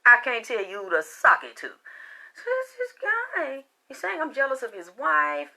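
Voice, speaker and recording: A woman's voice: fairly high pitch, big pitch swings, brisk. A woman giving a heated, profane, confrontational rant straight to her viewers. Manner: loud and exasperated. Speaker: spiritual reader and vlogger. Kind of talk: unscripted personal rant to camera.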